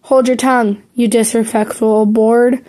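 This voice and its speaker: Storybook parrot, shrill and rude, squawking high — female reader voicing it. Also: little pitch movement, moderate pace, mellow, natural voice.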